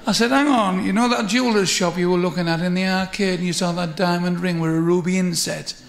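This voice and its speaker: A man's voice: high voice, steady tone, quick pace, creaky. A man telling a swearing stand-up story, acting out both sides of a phone call. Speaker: stand-up comedian. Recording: roomy echo.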